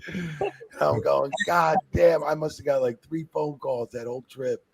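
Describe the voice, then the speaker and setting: A middle-aged man, a retired wrestling referee guesting on a podcast, telling animated, profane stories and laughing along. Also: a little high, moderate pace, creaky, slight background noise. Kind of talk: casual podcast storytelling.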